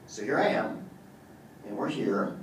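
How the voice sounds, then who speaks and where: A man's voice: on the low side, animated, measured pace, slight background noise. Male chiropractor, joking and boastful live demo presenter, heard from a distance in a very echoey room. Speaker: chiropractor demonstrating on a patient. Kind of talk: live demonstration talk to an audience.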